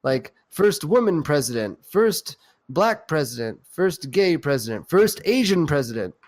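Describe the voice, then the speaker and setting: A man co-hosting a podcast, chatting casually with crude, excitable banter and frequent laughs. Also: fairly high pitch, measured pace. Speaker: podcast co-host.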